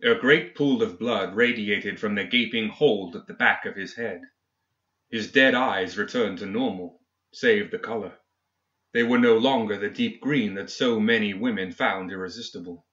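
A man narrating a dark fantasy story in a steady, dramatic storytelling manner. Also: on the low side, moderate pace. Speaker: audiobook reader. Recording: dull lo-fi recording.

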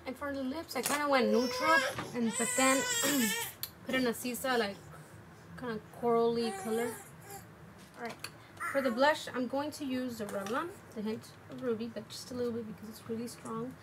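High-voiced woman, casual home makeup tutorial, rambling and relaxed, noisy background. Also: moderate pace. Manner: relaxed, rambling, with many fillers. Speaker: makeup vlogger. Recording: noticeable background noise.

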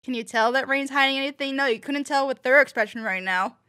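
Hosting a reaction video, a woman chats casually about a cartoon episode, rambling with fillers and restarts in a high-pitched, sharp voice at a fast clip. The show's audio, including music, plays in the background.

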